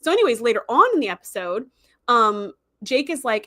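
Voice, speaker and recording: A young woman hosting a casual live chat, talking in a lively, animated way and acting out quotes as she goes. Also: a little high, a little fast, dry recording, studio quality. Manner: chatty, animated, acts out quotes. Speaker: podcast host answering live chat.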